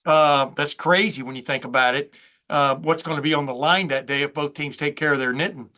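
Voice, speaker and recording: A man's voice: on the high side, a little fast, sharp tone. An older man hosting a casual football talk, folksy and rambling, sometimes stammering over his questions. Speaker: sports reporter host.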